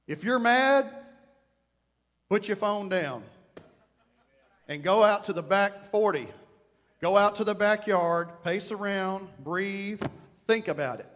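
A man in his thirties preaching a sermon to a congregation, animated and playful, with sudden growled bits. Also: sits high. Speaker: pastor. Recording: long hall reverb.

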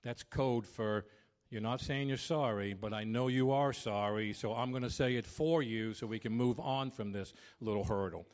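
A man in his fifties preaching a sermon as pastor, loud by habit and acting out household arguments with animated storytelling. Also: medium pitch, moderate pace.

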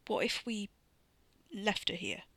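An anxious young man speaks in a tense, uneasy way, shaken by what he is facing, voiced by a woman reading aloud. The sound is bright and dry, right up against the mic. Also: medium pitch, big pitch swings, takes it slowly, gravelly, no echo, heavily acted.

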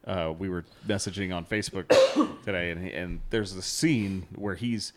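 A man co-hosting a casual podcast, his voice sitting low. He rambles through his points, stumbling over fillers and restarting sentences as he goes. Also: fairly even intonation, normal speed, noisy background. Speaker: podcast co-host. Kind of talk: casual chat.

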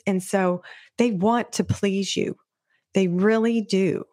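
A middle-aged woman hosting a podcast, explaining child behavior to parents in an earnest, teaching way, sometimes acting out a parent's or a child's words. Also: medium pitch. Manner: earnest, explanatory, acts out parents' and kids' voices. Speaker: podcast host, children's sensory specialist. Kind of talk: solo podcast talk.

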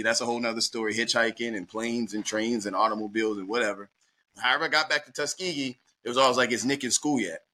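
Guesting on an interview, a middle-aged man from Baltimore shares a personal story in a low yet bright, forceful voice. He stays animated throughout, voicing the other people's lines as the anecdote unfolds.

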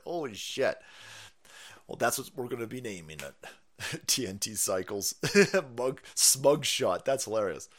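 A man's voice: medium pitch, animated, unhurried, a bit bright. A man hosting a livestream, ranting crudely and mocking people, laughing often. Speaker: livestream host. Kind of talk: profane political rant stream.

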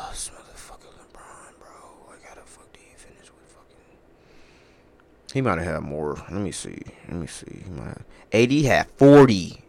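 A man's voice: sits low, creaky, darkish tone. A young man hosting a sports podcast, ranting in a casual, profane, rambling way.

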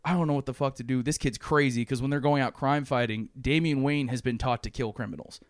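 Young male co-host, lively plot recap, clean dry voice, acts out every line. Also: medium pitch, quick pace, dry recording. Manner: animated storytelling, acting out characters' lines, frequent swearing and laughs. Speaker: podcast co-host. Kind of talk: casual chat retelling a movie plot.

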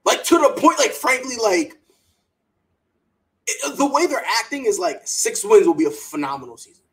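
The low-quality recording captures a high-pitched man speaking at normal speed. He hosts a sports podcast, ranting heatedly and with animation, voicing strong opinions and mocking quotes in a put-on voice.

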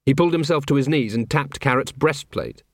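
A man reading a comic novel aloud in a wry, measured storytelling style. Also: mid-range voice, dry recording, studio quality. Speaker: audiobook narrator. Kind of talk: storytelling narration.

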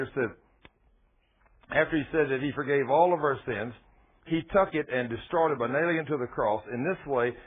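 A man preaching a sermon, telling homely stories and playing out both sides of each conversation. His voice is a little husky and swoops up and down with animated pitch. It comes through thin and narrow, like a phone-line radio broadcast. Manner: folksy storytelling, acts out dialogue.

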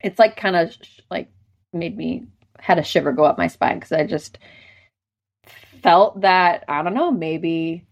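A woman's voice: fairly low pitch, measured pace, pauses often, lo-fi sound. A woman co-hosting a podcast, telling a story in casual chat with lots of filler words. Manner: chatty, storytelling, many filler "like"s. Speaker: podcast co-host.

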